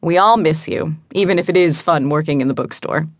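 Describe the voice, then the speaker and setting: A woman voicing a caring middle-aged father who talks in a gentle, reassuring way. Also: low-pitched, a little fast, no echo, clean studio sound, lightly acted.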